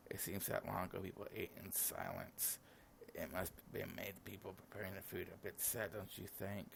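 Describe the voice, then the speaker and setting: A man's voice: low-pitched, creaky, slight background noise. A sleepy young man reading all the lines of a visual novel aloud in his own voice, with casual asides. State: sleepy, yawning. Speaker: gaming channel host.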